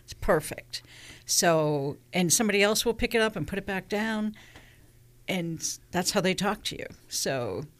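A woman's voice: medium pitch, lively intonation, measured pace. A woman guest who runs a crystal shop, talking in an easygoing way and explaining with anecdotes. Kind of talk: casual interview talk.

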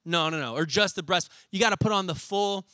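A man's voice: high-pitched, a little fast, sharp tone, no room sound. A man preaching a sermon as pastor, casual and direct, calling the congregation to repeat lines after him. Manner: preaching with call-and-response, casual slang.

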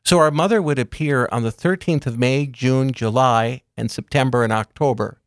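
Measured man explaining gently. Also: medium pitch, dry recording, clean studio sound. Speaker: guest speaker on religious topics. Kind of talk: calm explanatory interview talk.

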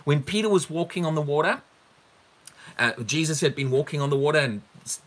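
A man's voice: a little high, animated, fairly quick. A man preaching a teaching sermon on a Bible passage, emphatic, repeating words for stress and asking the listeners rhetorical questions.

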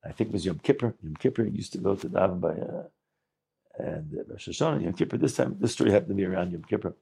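A man telling a Hasidic story with a moral, halting often to restart, with Yiddish words mixed in. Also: deep voice, lively intonation, gravelly, dark tone, husky. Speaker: storyteller and preacher.

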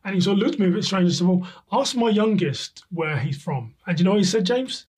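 A man's voice: high-pitched, lively intonation, fast, a little mellow, breathy edge. A man hosting a podcast, rambling and hesitant as he chats. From England. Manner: rambling, hesitant, many fillers. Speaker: podcast host. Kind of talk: casual interview chat.

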